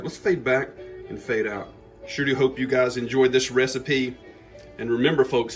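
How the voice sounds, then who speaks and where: Poor audio captures a medium-pitched man with a Southern Georgia accent, a home cook hosting his channel. He jokes and talks to viewers throughout a casual cooking demonstration.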